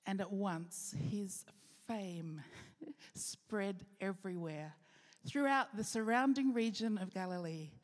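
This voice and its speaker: A woman pastor giving an earnest sermon with rhetorical questions, slowing down for key phrases. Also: medium pitch. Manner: earnest preaching, rhetorical questions, slows for emphasis. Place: church hall. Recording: long hall reverb.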